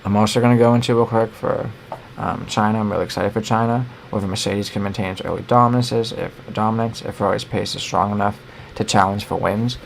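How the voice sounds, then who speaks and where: A man's voice: lowish voice, fairly even intonation, fast, gravelly, slight background noise. A young American man co-hosting a sports show, rambling opinionated commentary full of fillers and self-corrections.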